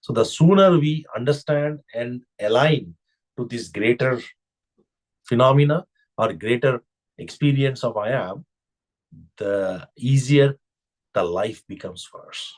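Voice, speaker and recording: A man's voice: mid-range voice, a little slow, pauses often. Man giving a reflective spiritual talk. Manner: reflective, asks rhetorical questions. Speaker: spiritual teacher. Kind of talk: spiritual discourse.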